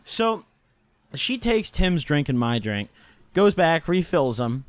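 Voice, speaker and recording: A man's voice: a little high, very animated, slow, clean tone, no room sound. A young man telling a casual storytime in a slangy manner, swearing often and tagging lines with "right?" and "dude". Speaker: vlogger.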